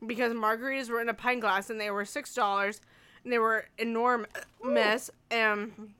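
A woman's voice: fairly high pitch, pushed and bright, clear, resonant tone. A young woman co-hosting a comedy podcast, tipsy and hiccuping, rambling and giggly in casual chat. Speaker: podcast co-host.

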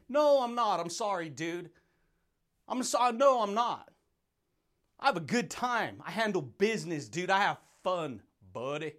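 A young man delivers a fired-up motivational monologue in a fairly high voice. He is brash and intense, laughs often, and keeps calling the listener dude and buddy. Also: expressive, measured pace, a bit bright. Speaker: podcast host.

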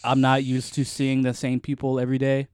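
A man's voice: medium pitch, monotone, brisk, darkish tone, clear, resonant tone, no room sound, studio quality. A young man co-hosting a podcast in casual chat, laid-back, swearing freely and laughing often. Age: young adult. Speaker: podcast co-host.

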